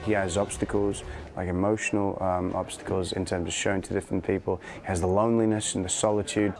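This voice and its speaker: Low-voiced male actor interviewed. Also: little pitch movement, fast talker, darkish tone, faint music behind.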